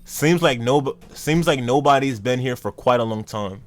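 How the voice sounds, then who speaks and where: A man reading out the lines of wary adult hunters from a comic, in a lower, flat voice. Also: moderate pace, lightly acted. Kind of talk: reading comic dialogue aloud.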